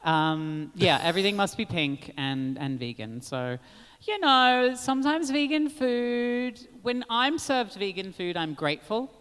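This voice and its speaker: An Australian man chats as a guest, his high voice bright and lively and full of swoops. He is giggly and animated and drops into quick impressions. The room around him has a long reverb. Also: smooth. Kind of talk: casual podcast chat.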